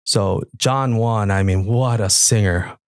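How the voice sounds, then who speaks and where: Animated middle-aged man telling stories. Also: slow pace, dry recording, studio quality. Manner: animated, acts out past dialogue with lively pitch jumps. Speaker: guest, worship musician. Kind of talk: casual storytelling interview.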